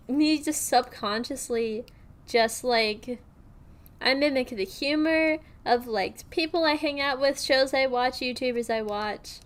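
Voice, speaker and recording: Rambling young woman streamer. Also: fairly high pitch. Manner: rambling, many fillers and restarts. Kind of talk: casual chat on stream.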